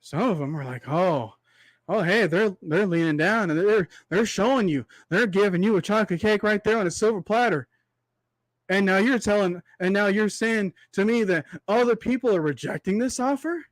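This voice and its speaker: A man's voice: high voice, dry recording. A young man hosting a livestream, delivering a preachy ranting monologue full of rhetorical asides, his voice tiring from talking so long. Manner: preachy, repetitive rhetorical asides, drawn-out extended metaphor. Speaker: livestream host.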